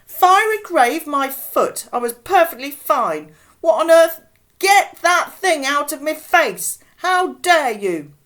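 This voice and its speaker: A woman reading aloud voices a cranky old woman in a wheelchair, shouting and scolding shrilly. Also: high-pitched, sing-song, slow pace, pitched above the performer's own voice, heavily acted. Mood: furious.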